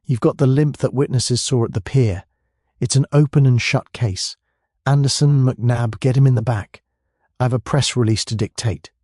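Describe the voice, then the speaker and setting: An actor voicing a blustering, pompous police chief inspector who bellows and sneers. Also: male voice, medium pitch, normal speed, mellow, dry recording, studio quality, natural voice.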